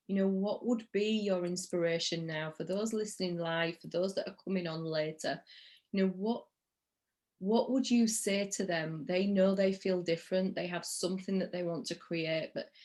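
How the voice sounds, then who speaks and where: Soft-spoken woman host, low voice. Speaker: podcast host. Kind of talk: interview.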